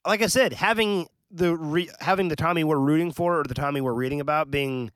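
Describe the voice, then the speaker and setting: A man's voice: a little high, brisk, a bit bright, dry recording. A man co-hosting a casual podcast chat about comics, rambling and hesitant, restarting his sentences. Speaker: podcast co-host.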